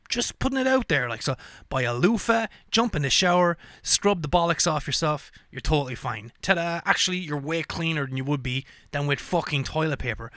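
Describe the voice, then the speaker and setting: A man's voice: fairly high pitch, fairly quick, no echo, clean studio sound. A man hosting a podcast, talking in a loose, profane, rambling rant with lots of fillers. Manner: profane, animated rants with frequent fillers. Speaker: podcast host. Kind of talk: casual ranting monologue.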